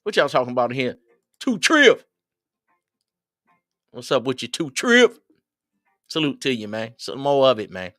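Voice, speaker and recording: Lively, rambling man chatting on stream. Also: mid-range voice, measured pace, long pauses, no room sound, clean studio sound. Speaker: livestream host. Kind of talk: casual chat with viewers.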